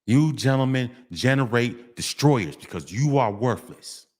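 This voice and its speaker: A man's voice: medium pitch, animated, measured pace, darkish tone. A middle-aged man, delivering a street monologue vlog, preachy and repetitive, often breaking into sing-song refrains. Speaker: vlogger.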